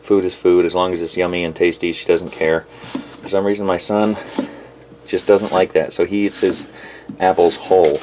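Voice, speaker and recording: A man's voice: sits low, little pitch movement, normal speed, darkish tone, a little hiss or hum. A man reviewing a knife in a home kitchen, talking in a rambling, profane, self-mocking rant to camera.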